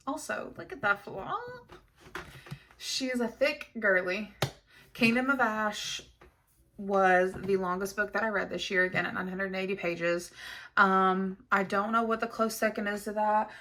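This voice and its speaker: A woman book vlogger in casual chat to the camera, chatty and animated, gushing over her reads. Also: mid-range voice, a little slow, slight background noise.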